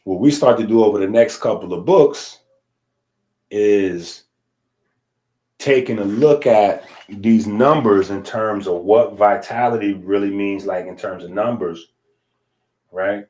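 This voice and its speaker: A man's voice: lowish voice, a little slow, darkish tone. Lecturing man who keeps asking "right?". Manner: checks in with constant "right?" tags; loose, conversational explaining with asides. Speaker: teacher. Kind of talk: casual lecture.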